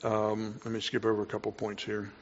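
A man preaching a sermon, moving between quiet reflection and loud, excited exclamations. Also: lowish voice, fairly quick, dull audio. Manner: impassioned, swings from quiet to loud.

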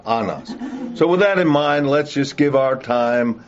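Slow, earnest male Bible teacher. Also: medium pitch, animated. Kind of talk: Bible study lesson with prayer. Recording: dull lo-fi recording.

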